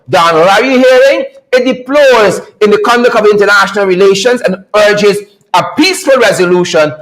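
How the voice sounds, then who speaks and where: A man hosting a political commentary livestream, sarcastic and animated, often laughing and repeating phrases for emphasis. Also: sits high, low-quality recording. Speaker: host.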